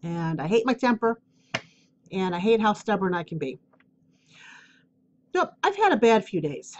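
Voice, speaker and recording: A woman's voice: mid-range voice, very animated, moderate pace, lo-fi sound, slight background noise. A woman hosting her own spiritual advice podcast, talking candidly and rambling with fillers, with a cough drop in her mouth. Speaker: podcast host. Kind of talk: casual solo podcast talk.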